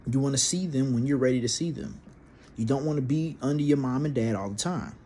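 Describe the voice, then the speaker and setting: A man's voice: mid-range voice, fairly quick, mellow, slight background noise. Profane, rambling man telling a story. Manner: profane, rambling, with frequent restarts and fillers. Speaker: vlogger telling a personal story. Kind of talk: casual storytelling monologue.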